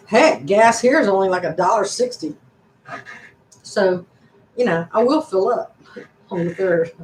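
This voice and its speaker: A woman's voice: mid-range voice, a little hiss or hum. An older woman hosting a casual live-stream chat, rambling along in a folksy, chatty way. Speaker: channel host. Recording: echoey room.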